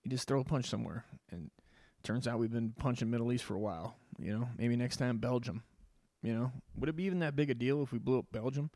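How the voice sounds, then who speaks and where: A man's voice: mid-range voice, fast talker, warm tone, dry recording. Man ranting crudely, dry sound. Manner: crude, rambling, says "dude" constantly. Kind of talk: rambling profane monologue.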